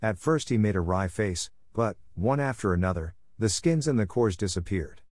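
Low-voiced man reading a storybook. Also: expressive, moderate pace, a little mellow, no room sound, clean studio sound. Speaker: audiobook narrator. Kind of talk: storybook narration.

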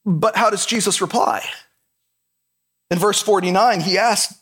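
A man's voice: high-pitched, measured pace, pauses often, a bit bright, husky. A male pastor preaching a sermon in an earnest, emphatic way, repeating his key points.

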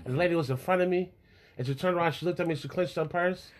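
A man's voice: high-pitched, quick pace. A man hosting a podcast, telling a brash, self-mocking story in casual chat. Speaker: podcast host.

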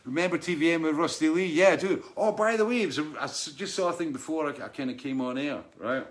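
Speaking fast in a slightly high voice, a live-show host greets his viewers one by one by name. The talk is casual, with lots of restarts and laughs.

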